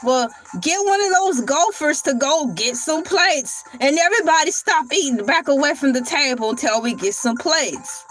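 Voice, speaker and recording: Woman commentator, high voice, sassy and teasing, light music underneath. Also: normal speed, few pauses. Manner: sassy, animated, teasing with exaggerated questions. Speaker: podcast reaction commentator. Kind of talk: casual reaction commentary.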